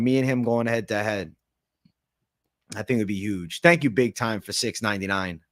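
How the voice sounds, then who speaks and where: A man's voice: on the low side, moderate pace. A man hosting a casual late-night livestream Q&A, chatting in a laid-back, slangy way and answering viewers. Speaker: MMA livestream host.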